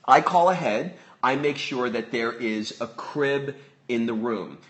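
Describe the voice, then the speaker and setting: A man's voice: mid-range voice, unhurried, fairly bright tone. A man co-hosting a podcast live, chatting casually, repeating himself and restarting sentences. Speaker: podcast co-host. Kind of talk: casual live-stream chat. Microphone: live phone stream.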